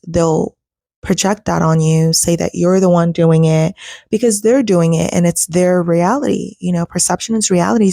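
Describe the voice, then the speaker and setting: Gravelly, mellow-voiced woman commentator. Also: on the low side, dry recording, studio quality. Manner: chatty, addresses viewers as y'all. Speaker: host. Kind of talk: casual commentary reacting to a video.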